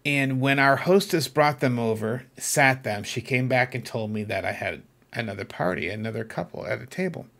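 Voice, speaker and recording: A man's voice: medium pitch, moderate pace, gravelly, hardly any pauses. Earnest man telling a story. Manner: earnest, reflective, animated when excited. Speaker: podcast host. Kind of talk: casual storytelling monologue.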